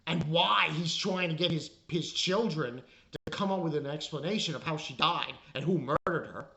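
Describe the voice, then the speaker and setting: A woman's voice: low-pitched, normal speed, creaky, a bit bright. A woman reviewing an anime in a casual rant, exasperated and swearing freely.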